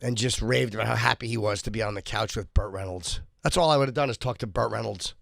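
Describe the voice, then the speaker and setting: A male co-host joking in quick banter in a casual talk show chat. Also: lowish voice, creaky, a bit bright, dry recording, clean studio sound.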